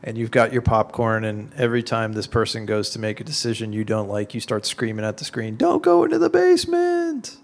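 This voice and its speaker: A man's voice: lowish voice, a little fast, few pauses. Man telling stories in a casual talk. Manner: conversational, animated storytelling with many "like"s. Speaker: speaker answering audience questions. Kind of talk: informal talk and Q&A.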